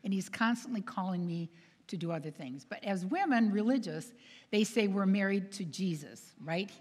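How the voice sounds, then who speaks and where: A woman with a medium-pitched, darkish voice with a breathy edge speaks at normal speed during a storytelling talk at a retreat. She laughs often and performs the voices of those she quotes, all under a long hall reverb.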